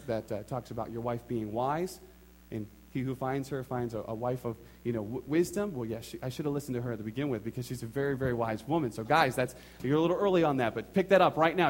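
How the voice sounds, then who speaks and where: A man preaching a sermon, telling a personal story with animated acted-out quotes and repeated phrases for emphasis. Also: medium pitch, slight background noise. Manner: animated storytelling, acts out his own and others' quotes. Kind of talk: sermon testimony.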